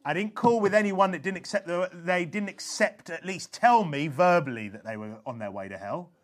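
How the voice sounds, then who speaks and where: High-voiced earnest man teaching. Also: expressive, moderate pace. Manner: earnest, emphatic, tags lines with "okay?"; repeats and restarts phrases. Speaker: evangelism instructor. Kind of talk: informal religious teaching talk.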